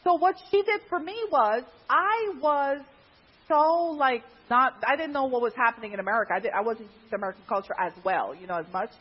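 Husky woman from guyana telling a story, laughs a lot, kinda dull lo-fi audio. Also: a little fast. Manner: chatty, laughs often, animated pitch jumps. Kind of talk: casual personal storytelling.

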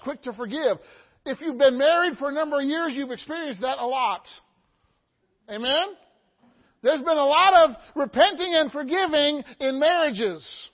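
The recording is dull and muffled. It captures a middle-aged pastor giving a sermon in a very high-pitched voice, moving from soft asides up to soaring, loud exclamations. He frequently asks "Amen?" to draw responses from his congregation.

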